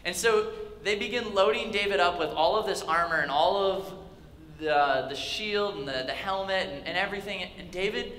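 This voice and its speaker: A young man preaching to his youth group with a high, bright, forceful voice. He tells the story in a loose, joking way and slips into the characters as he goes. His voice rings through a large hall with long reverb. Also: moderate pace, a little hiss or hum. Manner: casual, joking, acts out the characters. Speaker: youth pastor. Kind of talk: storytelling sermon. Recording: echoey hall with faint ambience.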